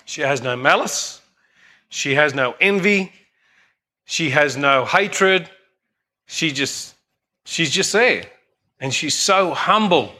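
A man's voice: on the high side, lively intonation, takes it slowly, pauses often, pushed and bright. An older man preaching a sermon earnestly, often asking the congregation "amen?".

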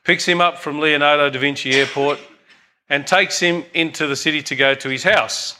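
A man's voice: on the high side, fairly even intonation, normal speed, noisy background. An older man preaching a sermon earnestly, often asking the congregation "amen?".

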